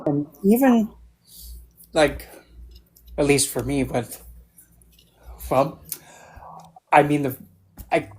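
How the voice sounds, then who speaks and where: A man's voice: a little high, a little mellow. A man chats casually as a livestream guest and author. He tells long, meandering anecdotes, circling back on his words and restarting as he goes. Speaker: book club guest and author.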